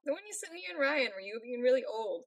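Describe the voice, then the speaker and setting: A woman's voice: fairly high pitch, sing-song, fast. A woman co-hosting a podcast in casual chat, teasing and playfully arguing her points. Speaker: podcast co-host.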